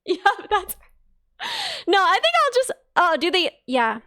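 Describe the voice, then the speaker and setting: A young woman streamer chats and rambles in a very high, bright voice, laughing at herself. She sits close to the mic, and the sound is dry. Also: big pitch swings, a little slow, no echo. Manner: giggly, rambling, self-mocking. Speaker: VTuber streamer. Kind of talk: casual live-stream chat.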